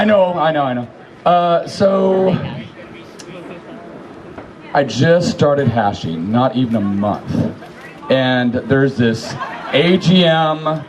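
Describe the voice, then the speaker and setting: A man telling profane, animated stories as a eulogy, acting out what people said. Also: fairly high pitch, takes it slowly, long pauses, some chatter behind, poor audio. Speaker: speaker at a memorial gathering. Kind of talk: informal eulogy storytelling.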